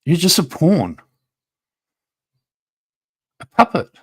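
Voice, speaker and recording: A man's voice: a little high, big pitch swings, slow, a bit bright, breathy edge. A man ranting on his livestream, taunting a rival directly, swearing and repeating himself. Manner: confrontational, taunting, profane. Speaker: YouTube livestreamer. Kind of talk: livestream rant.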